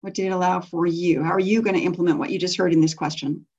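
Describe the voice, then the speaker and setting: Husky, enthusiastic woman coaching a group. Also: fairly low pitch, steady tone, quick pace, a little mellow, muffled recording. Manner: enthusiastic, affirming, laughs often. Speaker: business coach leading a group call. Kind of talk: coaching call talk.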